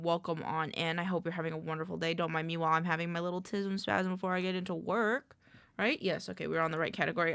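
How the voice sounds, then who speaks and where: A woman's voice: on the low side, level tone, fast, creaky, fairly bright tone, smooth. A woman streamer in casual live-stream chat at a desk microphone, rambling, muttering lists to herself and greeting her chat.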